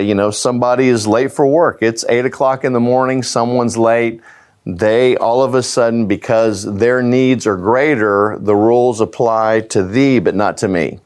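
Low-voiced man preaching, measured and plain. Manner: reads scripture slowly, then explains in plain everyday terms. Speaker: pastor. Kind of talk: sermon.

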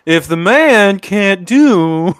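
Wisecracking, animated podcast man. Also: high voice, very slow, clean tone. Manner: wisecracking, profane, loud laughs. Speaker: podcast co-host. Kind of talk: casual chat.

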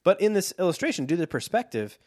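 A man's voice: high-pitched, sing-song, quick pace, darkish tone, dry recording. Dry, wry man reading aloud. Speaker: podcast co-host. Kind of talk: casual chat reading a book aloud.

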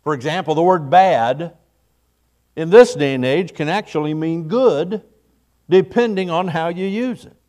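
A middle-aged man preaches a morning sermon with a folksy, conversational delivery. His voice sits slightly higher than most men's, and he slips into short acted-out quotes as he talks. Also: a little slow, a little mellow. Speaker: pastor.

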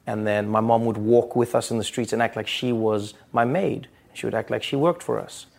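A man's voice: fairly low pitch, moderate pace, vocal fry. A man in his thirties from South Africa, telling stories about his childhood in an earnest interview. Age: 30s. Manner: earnest, storytelling, quotes others in lively voices. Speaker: interviewee, comedian. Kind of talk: reflective interview.

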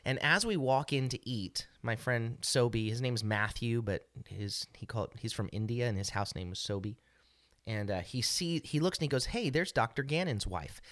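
A man's voice: medium pitch, normal speed, fairly bright tone, dry recording, clean studio sound. A middle-aged man co-hosting a podcast, telling a story casually in a rambling way with many restarts and fillers. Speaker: podcast co-host.

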